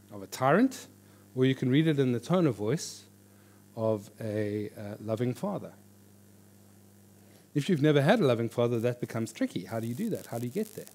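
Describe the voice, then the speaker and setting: A man teaching a church class on reading the Bible, in a lively, joking conversational way. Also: medium pitch. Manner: animated, jokey, with lively quoted voices. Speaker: pastor teaching a Bible course. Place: church hall before an audience.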